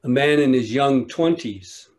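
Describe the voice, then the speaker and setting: At a retreat, a meditation teacher gives a dharma talk, telling a teaching story in a measured way with long pauses. His voice is mid-range and a little mellow.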